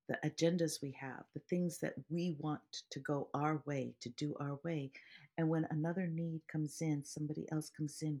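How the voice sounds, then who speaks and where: A woman's voice: low-pitched, gravelly, darkish tone, husky. A woman meditation teacher speaking to podcast listeners in an earnest way, explaining ideas through everyday examples and stories.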